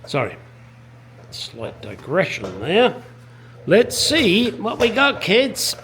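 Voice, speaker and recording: Middle-aged English man, home garage restorer, slightly raised pitch, slow blunt sweary delivery. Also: wildly swooping pitch, a bit bright, a little hiss or hum. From England. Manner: blunt, swears freely, talks to camera. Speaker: classic car restorer. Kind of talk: casual workshop vlog. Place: home garage, working under a car.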